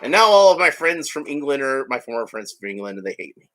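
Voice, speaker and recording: A man's voice: mid-range voice, animated, quick pace, a bit bright. A man narrating a toy build in a casual, rambling way with joking asides. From United States. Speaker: hobby vlogger.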